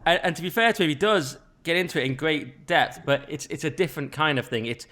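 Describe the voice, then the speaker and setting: A man hosting a podcast, talking casually and rambling a little with quick asides and restarts. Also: on the high side, animated, sharp tone. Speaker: podcast host.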